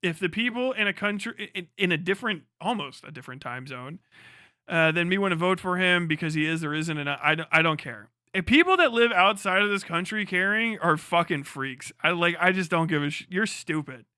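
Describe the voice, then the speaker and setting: A man's voice: high-pitched, lively intonation, a little fast, bright, forceful tone, clean tone, dry recording, clean studio sound. A young man from the United States ranting bluntly and profanely in casual live-stream commentary.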